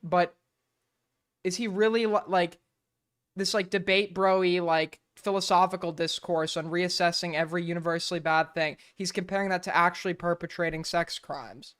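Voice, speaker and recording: A man's voice: high voice, fairly even intonation, moderate pace, fairly bright tone, clean tone. A male streamer giving blunt, profane live commentary as he reacts to a clip.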